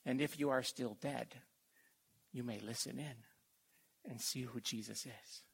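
An older man preaching a sermon and reading scripture slowly and haltingly, with emotion and soft whispered stretches. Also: medium pitch, gravelly, husky.

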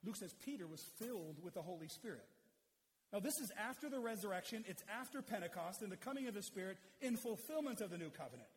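A man's voice: high voice, expressive, fast, slight background noise. A man preaching an expository sermon in a conversational, explanatory way. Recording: long hall reverb.

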